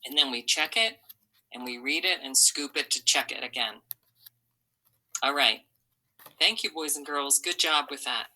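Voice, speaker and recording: A woman teaching a recorded phonics lesson to young children, modeling words slowly syllable by syllable. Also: sits low, bright, forceful tone, poor audio. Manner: slow, patient, syllable-by-syllable modeling. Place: online video lesson.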